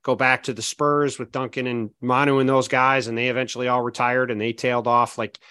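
A man in casual podcast conversation about basketball, reasoning out loud with steady, analytical phrasing and frequent "I mean" and "look" restarts. His voice sits at an ordinary middle pitch. The sound is close and dry, with no room echo. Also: brisk, smooth. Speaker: sports podcast co-host.

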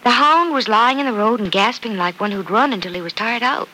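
A woman's voice: a little high, a little fast, pushed and bright, slight background noise, rough recording. A young woman playing a kind bride-to-be who patiently reads a fairy tale to a little girl, in 1940s radio-play acting. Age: young adult. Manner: patient, reading a story aloud.

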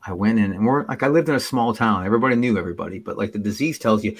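A man telling his own recovery story as a podcast guest, earnest and halting, with many restarts and dips to near whispers. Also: fairly low pitch, lively intonation, breathy edge. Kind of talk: personal storytelling in an interview.

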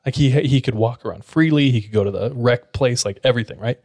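A man voicing a secretive nurse who quietly confides what she knows, in a low, close storytelling tone. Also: fast talker, no room sound, natural voice. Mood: confiding. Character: secretive female nurse, hushed and wary.

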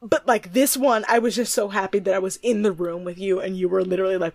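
A woman's voice: medium pitch, steady tone, fast, creaky, a little mellow, no echo. A woman co-hosting a casual show, recapping TV with friends; she laughs often and swears freely. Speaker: podcast co-host.

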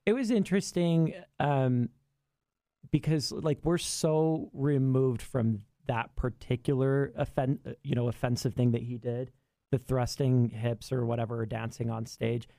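A podcast co-host chatting casually about films, expressive and quick with asides. The voice is gravelly with plenty of fry, at a middle pitch. The recording is dry and close. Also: no room sound. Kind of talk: casual film review chat.

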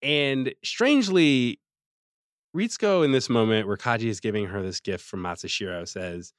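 A man co-hosting a podcast in casual chat, animated and laughing often, recapping episodes on a close mic. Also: mid-range voice, dry recording. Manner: animated, laughing, slips into quick character voices. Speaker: podcast co-host recapping an anime.

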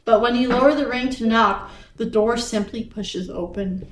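A woman co-hosting a podcast, reading a choose-your-own-adventure story aloud in an animated way, laughing often and breaking off to chat. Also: a little high, normal speed, slight background noise. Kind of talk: casual read-aloud storytelling. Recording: roomy echo, distant from the mic.

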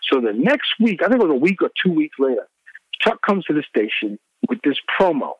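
A middle-aged man, a former radio DJ, telling animated stories in an interview and acting out the people he quotes. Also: brisk, husky, no echo, dull audio. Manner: acts out quoted people with big pitch swings.

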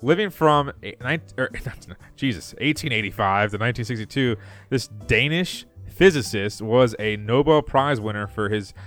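A man's voice: medium pitch, normal speed, fairly bright tone, faint music behind. A man co-hosting a podcast, reading trivia questions aloud in casual chat and laughing often. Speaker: podcast co-host.

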